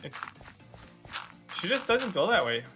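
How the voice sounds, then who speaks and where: A man puts on a rambling, folksy small-town buddy, his voice nudged a little higher than his normal talk. He runs on in homespun turns of phrase. Game music plays behind him. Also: big pitch swings, measured pace.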